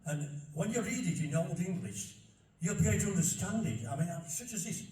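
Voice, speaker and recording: Captured from far back in a roomy hall, an older man with a Barnsley Yorkshire accent talks to an audience about local dialect, folksy and anecdotal and prone to repeating himself. His slightly high, dark-toned voice swings widely in pitch and moves a little fast.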